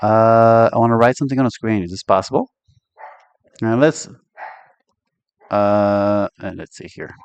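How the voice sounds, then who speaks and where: In a casual online lesson, a French teacher with a Quebec accent speaks at a measured pace with frequent pauses, his low voice clean and echo-free. His manner is chatty and playful as he laughs often and mixes English with French while teaching expressions.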